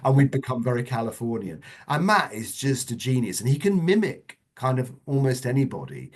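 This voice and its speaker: A middle-aged man, a guest in a casual interview, telling anecdotes in a chatty way with lively asides. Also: mid-range voice. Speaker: interview guest, former children's TV producer.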